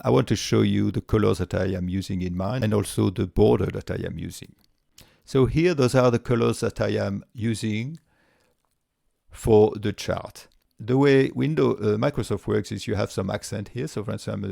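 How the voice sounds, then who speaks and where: A man with a voice walking through a spreadsheet tutorial step by step, relaxed, with frequent fillers and restarts. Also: fairly low pitch, creaky, dry recording, studio quality. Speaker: tutorial presenter. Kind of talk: screen-recorded software tutorial.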